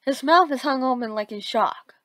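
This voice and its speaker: A woman's voice: high-pitched, normal speed, fairly bright tone, no echo, poor audio. A woman casually retelling a fan story, rambling with frequent restarts.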